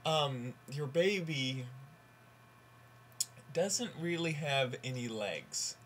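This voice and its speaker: A hesitant hospital doctor, as a man puts him on, dropping his voice as he delivers grim news. He sounds low and hushed, pausing before each word. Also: lively intonation, a little hiss or hum. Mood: reluctant. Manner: hushed, reluctant, breaking bad news.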